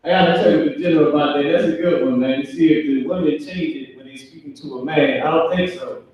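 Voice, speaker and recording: A man's voice: a little high, fast talker, recorded from a distance, muffled recording. Casual man teaching in an echoey room. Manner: casual, conversational, acts out family scenarios in character voices. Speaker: Hebrew language teacher. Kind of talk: casual live online class.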